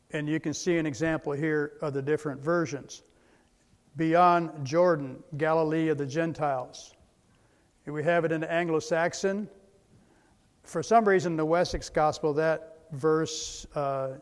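A man giving a slide presentation lecture, methodical, spelling out words letter by letter. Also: a little high. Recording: long hall reverb.

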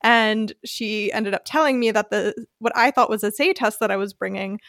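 An American woman hosting a podcast, telling a personal story in a casual, animated way and acting out the voices she quotes. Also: medium pitch, moderate pace, no echo, clean studio sound. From United States. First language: English. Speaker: podcast host.

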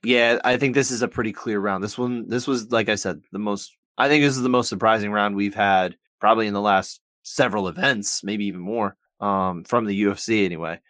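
A man co-hosting a podcast, talking through scores in a measured way, thinking out loud with frequent restarts. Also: fairly low pitch, dry recording. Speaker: podcast co-host. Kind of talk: casual podcast chat about fight scoring.

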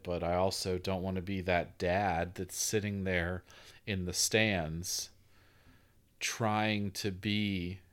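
A man who is a podcast guest, talking about fatherhood in a thoughtful, rambling way. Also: low voice. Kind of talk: casual conversation.

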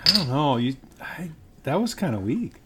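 A man's voice: on the high side, sing-song, moderate pace, over a noisy crowd. Man, mid-range voice, chatty co-host who laughs a lot. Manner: laughs often, rambling restarts. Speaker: podcast co-host. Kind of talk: casual chat.

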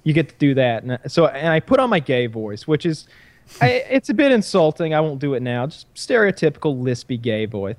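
A man's voice: on the high side, big pitch swings, a little fast, no echo. A man telling a long story in casual chat, profane and rambling. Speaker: podcast storyteller.

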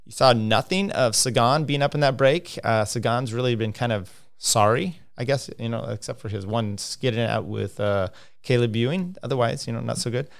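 A man's voice: medium pitch, normal speed, creaky. A man hosting a casual cycling livestream, rambling with lots of fillers and restarts as he talks through standings and viewer comments.

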